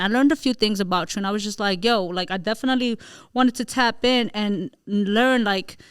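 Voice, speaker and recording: A woman's voice: a little high, smooth, dry recording, studio quality. A woman from the Bronx, hosting a casual interview in a slangy, easygoing way. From the Bronx, New York. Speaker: podcast host.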